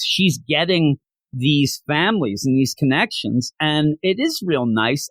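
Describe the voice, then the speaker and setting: A man hosting a comic book podcast, recapping a story in a casual, animated and openly sentimental way. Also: fairly high pitch, dry recording.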